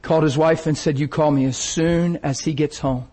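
An older man delivers a sermon in a husky, slightly high voice. He tells stories with animation, acting out the people he quotes. His voice swings between hushed asides and intense bursts. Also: normal speed. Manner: animated, acts out quoted voices, laughs often. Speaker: preacher. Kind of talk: sermon storytelling.

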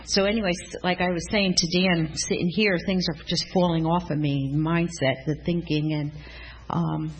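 A woman's voice: on the low side, steady tone, normal speed, a little hiss or hum, rough recording. A woman giving a casual spoken testimony in a church class, rambling and earnest with many restarts.

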